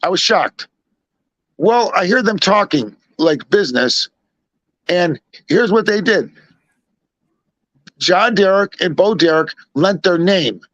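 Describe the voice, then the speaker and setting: A man from Chicago spins a meandering story in a fairly high voice, full of asides. The recording is dull and lo-fi, with a dry, close sound. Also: slow, long pauses, dry recording. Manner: rambling, animated retelling with many asides. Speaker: storyteller guest. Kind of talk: casual anecdote telling.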